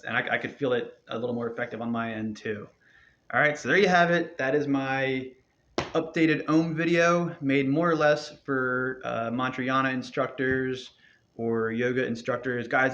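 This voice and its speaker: A man's voice: mid-range voice, fairly bright tone. A man teaching a chanting practice, talking loosely and encouragingly, with many fillers and restarts. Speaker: meditation teacher. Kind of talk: casual spoken instruction. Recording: dull lo-fi sound.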